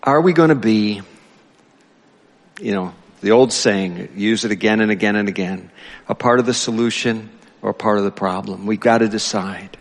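A man's voice: lowish voice, moderate pace. A male pastor preaching a sermon in a loose, conversational way, with many fillers and restarts, recorded in a church hall with long reverb.

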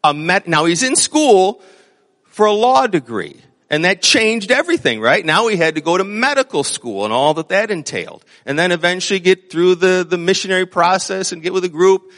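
Bright-voiced preacher in a reverberant hall. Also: male voice, sits high, animated, moderate pace. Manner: conversational, rising to emphatic exhortation. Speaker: pastor. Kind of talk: sermon.

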